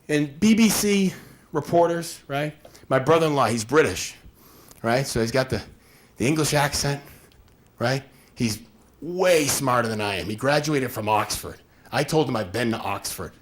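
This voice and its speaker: A man giving a conversational workshop presentation, acting out little scenes with quoted voices as he explains. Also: medium pitch. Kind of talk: live workshop talk.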